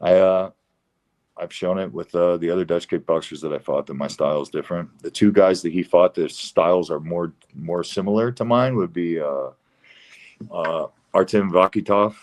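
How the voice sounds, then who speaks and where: A middle-aged man with a very low voice speaks as a fighter in a casual interview. He talks bluntly and swears now and then. His sentences stop and restart around fillers. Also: moderate pace, darkish tone. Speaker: professional fighter, guest.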